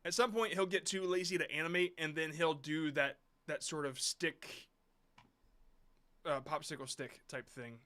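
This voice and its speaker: Bright-voiced man hosting a casual stream. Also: on the high side, fairly even intonation, normal speed. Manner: blunt, rambling, swears casually. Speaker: host reviewing viewer shorts. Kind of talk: casual live-stream commentary.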